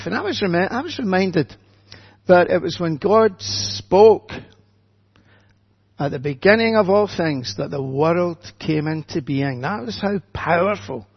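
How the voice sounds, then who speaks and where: Older minister chatting to the kids in church, husky voice, kinda dull lo-fi sound. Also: male voice, high voice. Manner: gentle, chatty storytelling with gentle humour. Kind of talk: children's talk in church.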